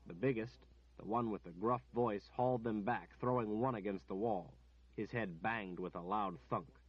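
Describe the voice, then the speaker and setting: A man reads an audiobook in a steady, measured way. His voice is low and husky. The recording sounds dull and lo-fi. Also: dry recording. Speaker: narrator. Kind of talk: scripted audiobook narration.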